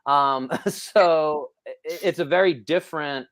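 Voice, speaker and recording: This podcast host, a man with a slightly high, fairly bright voice, tells personal stories at a measured pace during an interview show. He rambles casually, pokes fun at himself, and leans on many fillers, all in a dry recording.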